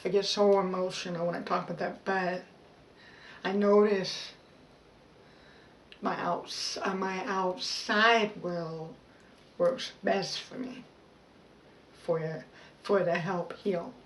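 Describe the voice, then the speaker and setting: A woman vlogging a personal self-help talk in a slow, halting, heartfelt way, pausing and restarting as she speaks. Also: fairly low pitch, steady tone. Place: outdoors. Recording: roomy echo, voice a bit far from the mic, faint background noise.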